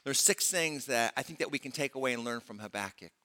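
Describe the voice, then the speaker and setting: A man preaching a sermon to a congregation, animated and conversational, acting out scripture dialogues. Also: medium pitch, fast talker, big-room sound. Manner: animated preaching, voicing prophet and God in dialogue. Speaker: pastor.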